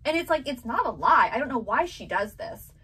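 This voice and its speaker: A woman's voice: high-pitched, very animated, a little fast, bright, forceful tone, slightly rough, distant mic, rough recording. Chatty woman telling family stories. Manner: chatty storytelling, acts out her kids' voices. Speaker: vintage box seller and mother. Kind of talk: casual chat.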